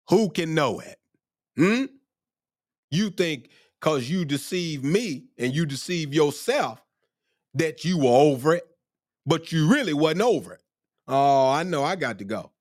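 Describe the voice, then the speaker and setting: A man preaching a sermon, exhorting and working himself up with cries of praise and long drawn-out phrases. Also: medium pitch. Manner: exhorting, rising to excited shouts of praise.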